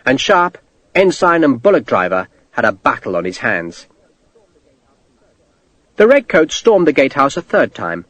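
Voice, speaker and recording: A man narrating a historical war novel as an audiobook, with an expressive storytelling delivery. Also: mid-range voice, dry recording. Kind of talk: scripted narration.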